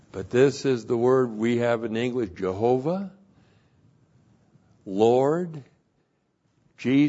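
A man teaching verse by verse through a Bible passage, slow and emphatic, repeating key phrases for weight. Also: medium pitch, mellow, highs cut off.

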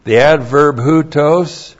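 A man's voice: fairly high pitch, slow. A man teaching an expository sermon, carefully explaining Greek grammar and spelling out words letter by letter. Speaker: pastor. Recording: dull lo-fi sermon recording.

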